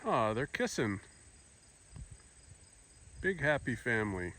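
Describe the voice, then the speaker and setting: Slow-talking man narrating his farm. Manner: talks fondly to his cats in a high coaxing voice. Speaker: farm vlogger. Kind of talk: casual farm vlog narration. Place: outdoors on a farm.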